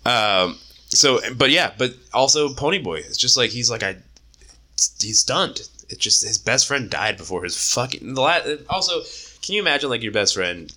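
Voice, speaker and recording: A man in his twenties casually retelling a story in a profane, animated way, with frequent laughs. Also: mid-range voice, moderate pace. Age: 20s. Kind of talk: casual book discussion.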